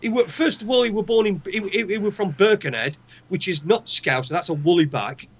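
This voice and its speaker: A man's voice: high-pitched, a little fast, husky. A man with a Northern English accent co-hosting a podcast, ranting with heavy swearing and strong opinions. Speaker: podcast co-host. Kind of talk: casual chat. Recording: dull lo-fi sound.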